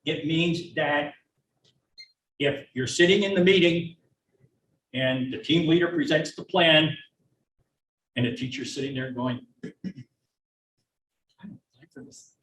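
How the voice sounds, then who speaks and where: An older man, a retired child neuropsychologist, giving a blunt, folksy talk to parents and acting out parents and teachers in quick asides. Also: a little high, fairly bright tone. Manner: blunt, folksy, plain-spoken. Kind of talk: public lecture to parents. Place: meeting room or auditorium. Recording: roomy, from a distance, faint hiss.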